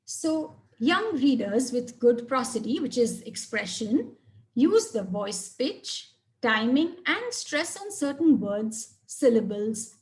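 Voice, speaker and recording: Woman teaching a webinar, higher voice. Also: a little mellow. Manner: clear, measured explanation with stressed example sentences. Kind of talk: webinar lecture.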